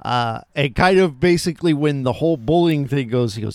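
A man's voice: mid-range voice, normal speed, no room sound, clean studio sound. A man co-hosting a podcast, casually retelling film scenes and chatting. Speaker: podcast co-host.

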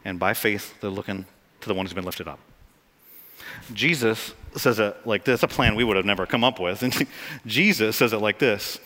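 A man preaching a sermon as pastor, animated and jokey, rising to excited peaks. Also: fairly low pitch, normal speed. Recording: long hall reverb.

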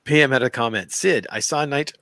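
Bright-voiced man reading listener questions. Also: mid-range voice, a little fast, dry recording. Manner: laughs often while reading. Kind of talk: reading comments aloud.

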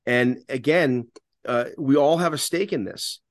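Co-hosting a political podcast, a radio talk show host speaks with passion, restarting his sentences again and again. His mid-range voice moves at a measured pace, recorded dry with clean studio sound.

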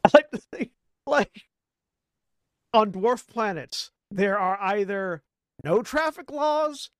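A man chatting as a player in a tabletop game, halting and chuckling between remarks. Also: sits high, lively intonation, clear, resonant tone, no echo, clean studio sound. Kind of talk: casual tabletop game chat.

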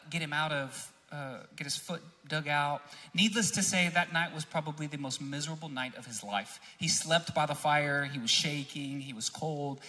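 A young man preaching a sermon, telling a story and then building to animated, shouted emphasis. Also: fairly high pitch. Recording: echoey hall reverb.

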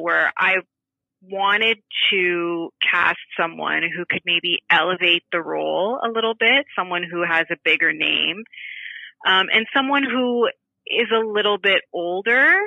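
A woman's voice: on the low side, vocal fry, sharp tone, no echo, rough recording. A woman co-hosting a podcast, chatting casually and sounding bemused, laughing often. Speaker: podcast co-host. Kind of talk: casual chat.

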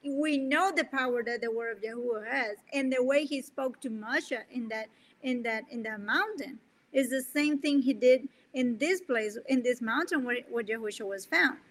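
A woman's voice: fairly high pitch, normal speed. A woman co-hosting a scripture discussion, answering her husband in an earnest, emphatic way. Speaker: co-host, wife of the teacher.

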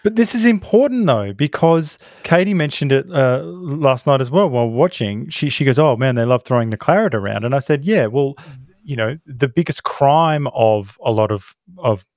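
A man co-hosting a casual film podcast, animated and swearing freely, acting out little quotes as he talks. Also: mid-range voice, moderate pace, dry recording, studio quality. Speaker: podcast co-host.

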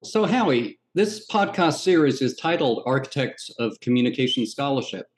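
A man's voice: medium pitch, sing-song, normal speed. A man, a professor, asking interview questions in a courteous, enthusiastic way.

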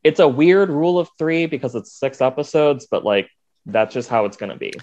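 A man's voice: medium pitch, lively intonation, brisk, darkish tone, muffled recording. A man co-hosting a casual podcast, laid-back and drawling, swearing now and then. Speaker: podcast co-host. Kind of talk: casual chat.

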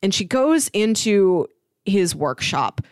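Lively woman retelling a TV episode. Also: medium pitch, slow, no room sound, clean studio sound. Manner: animated retelling, acts out characters' lines. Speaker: podcast co-host. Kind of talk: casual chat recapping a TV show.

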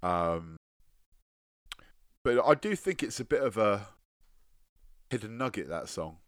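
A man with a lowish voice co-hosts a music podcast, recorded close and dry. He talks in a chatty, halting way, restarting phrases and swearing casually. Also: lively intonation, no room sound. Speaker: podcast co-host.

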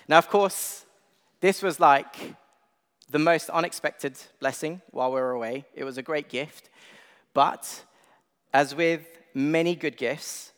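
A man's voice: mid-range voice, fairly bright tone, smooth. Young male preacher, casual and self-deprecating, reverberant church hall. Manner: conversational, self-deprecating, with filler words. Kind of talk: sermon. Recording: long reverb of a large hall.

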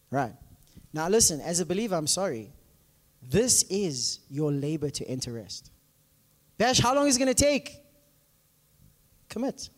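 A male pastor preaches in an animated, conversational way, often checking in with his listeners. His voice sits high and swings widely in pitch. It carries a long reverb, as if in a large hall. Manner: animated, asks congregation often, many fillers. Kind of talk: conversational sermon with stories.

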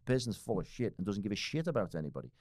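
A man's voice: on the low side, very animated, very fast, darkish tone, no echo, clean studio sound. A man in his forties, a podcast guest talking casually and bluntly, swearing freely and laughing often. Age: 40s.

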